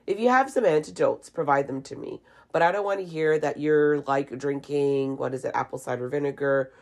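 Low gravelly-voiced blunt woman. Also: brisk. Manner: blunt, opinionated, swears freely. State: has a cough. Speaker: vlogger. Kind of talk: casual opinion monologue.

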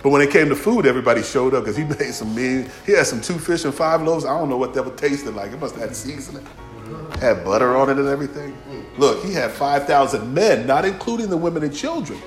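A man preaching a folksy sermon, swinging from shouts to near-whispers. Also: mid-range voice, animated, fast, roomy sound, faint music behind. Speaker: pastor.

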